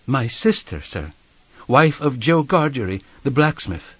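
A man's voice: medium pitch, very animated, a little slow, fairly bright tone, husky, no room sound, voice pushed up, exaggerated voice. A man voicing a frightened small boy who begs politely and timidly. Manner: begging, polite, trembling.

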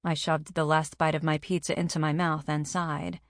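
Female audiobook narrator, lowish voice, dry recording. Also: level tone, moderate pace, hardly any pauses, no echo. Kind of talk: scripted narration.

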